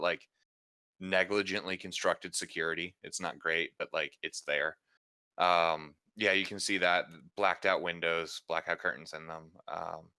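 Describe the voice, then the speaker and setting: A man running a tabletop role-playing game as game master, with a very low voice that still sounds bright and crisp. He describes each scene loosely, filling it with fillers and restarts. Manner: rambling descriptions full of fillers and self-corrections; laughs often between lines.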